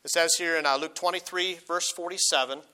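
A middle-aged man preaching a sermon as a pastor, earnest, slowing down and rising when he reads scripture aloud. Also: a little high, fairly even intonation, bright, forceful tone, clear, resonant tone. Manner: earnest, slows and rises on quoted verses.

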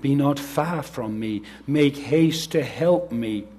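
Slow, husky-voiced male preacher. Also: mid-range voice, warm tone. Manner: slow, earnest preaching with scripture readings; speaks to children directly. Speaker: pastor. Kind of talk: sermon.

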